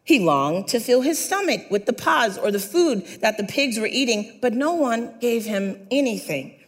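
A fairly high-voiced woman preaches with a lively, swooping delivery, telling a story and asking her listeners to repeat key words. Her voice carries a long reverb, as in a large hall. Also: moderate pace. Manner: animated, asks the audience to repeat words. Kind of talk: sermon.

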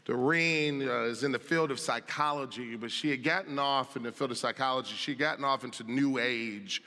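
A man's voice: mid-range voice, fairly quick, sharp tone. A man preaching a sermon as pastor, reading scripture aloud with emphatic delivery. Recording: long reverb of a large hall.

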